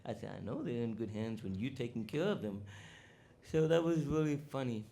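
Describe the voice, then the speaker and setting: A man's voice: mid-range voice, a little fast, vocal fry, mellow. A man casually telling personal stories as a disciple at a memorial gathering, chatty with many fillers. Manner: chatty, many fillers, acts out quoted dialogue. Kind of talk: casual storytelling talk. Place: cow sanctuary gathering in Florida.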